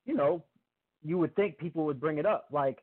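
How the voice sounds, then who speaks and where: A man co-hosting a casual sports podcast, rambling with many fillers and getting animated. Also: a little high, moderate pace, slightly rough. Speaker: podcast co-host. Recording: phone-like podcast audio.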